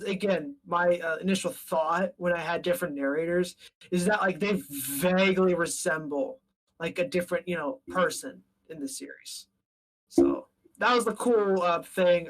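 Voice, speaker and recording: A woman chatting casually on a recording stream, hesitant with many fillers. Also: lowish voice.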